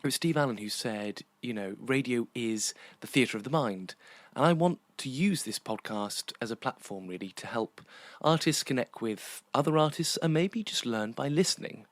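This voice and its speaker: A man's voice: mid-range voice, animated, normal speed, dry recording. A British man hosting a theatre podcast, chatty and teasing with guests and talking at length on his own. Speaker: podcast host and theatre director. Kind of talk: casual interview chat and monologue.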